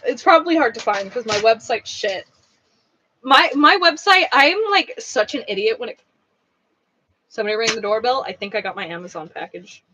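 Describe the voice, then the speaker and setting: A woman's voice: on the high side, pushed and bright, a little hiss or hum, low-quality recording. A woman who owns a craft shop, chatting casually on a livestream while she packs orders, rambling and blunt.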